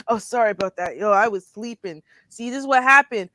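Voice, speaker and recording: A woman's voice: a little high, moderate pace, fairly bright tone, no room sound, rough recording. Laid-back storytelling woman co-host. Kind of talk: casual chat.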